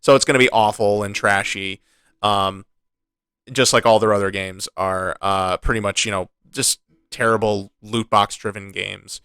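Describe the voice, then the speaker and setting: A man co-hosting a casual gaming podcast, ranting in a frustrated, animated way with many restarts. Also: lowish voice, normal speed, smooth, no room sound. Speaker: podcast co-host.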